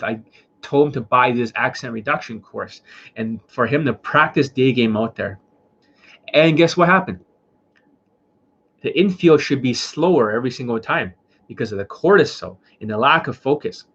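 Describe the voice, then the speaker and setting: A man's voice: medium pitch, normal speed, a bit bright, husky, lo-fi sound. A man, a dating coach, lecturing bluntly in a casual livestream rant, swearing and repeating his points. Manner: blunt, profane, repetitive lecturing.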